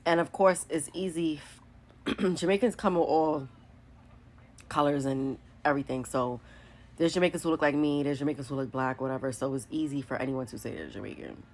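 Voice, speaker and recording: A woman's voice: sits low, brisk. A woman, telling a candid storytime to her phone camera, full of likes and whatevers. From New York City. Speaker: vlogger. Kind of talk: casual storytime monologue.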